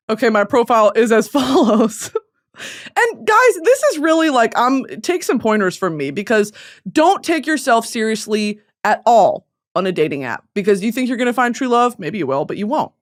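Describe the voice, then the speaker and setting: A woman in her twenties hosting a podcast, telling a comedic story in a self-mocking, animated way, jumping between loud bursts and low mutters. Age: 20s. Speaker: podcast host.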